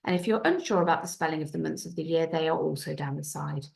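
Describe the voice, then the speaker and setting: A woman teaching a primary school French lesson on video, speaking clearly and patiently, with careful French pronunciation. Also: low-pitched, fast talker, a little mellow. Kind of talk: recorded classroom video lesson.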